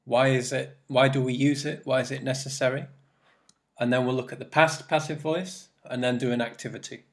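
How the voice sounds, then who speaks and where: A man's voice: medium pitch, little pitch movement, a little fast. A man teaching an English grammar lesson in a recorded presentation, explaining step by step and repeating his examples.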